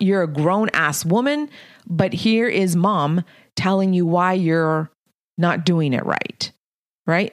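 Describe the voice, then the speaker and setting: This middle-aged podcast host, a leadership coach, delivers a casual monologue that's frank, blunt and lightly profane. Her voice sits lowish, recorded at studio quality with no room sound.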